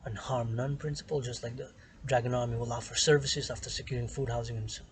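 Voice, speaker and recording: Outdoors in the sun on an island, a vlogger philosophizes to the camera in a rambling monologue. He speaks fast in a mid-range voice with fairly even intonation, repetitive and emphatic, swinging between loud stresses and hushed whispers. The recording is rough, with a little hiss or hum.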